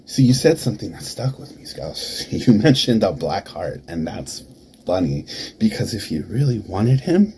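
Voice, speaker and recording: Low dark-voiced guy doing a wrestling promo, taunting, whispers then yells, faint noise behind. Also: lively intonation, moderate pace. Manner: taunting, swinging from hushed whispers to shouts. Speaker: promo performer.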